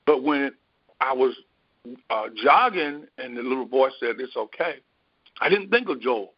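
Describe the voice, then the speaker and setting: A man in the role of a spiritual teacher, telling a personal story in an unhurried, meandering way, often pausing on fillers. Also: mid-range voice, expressive, no room sound. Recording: dry, dull lo-fi recording.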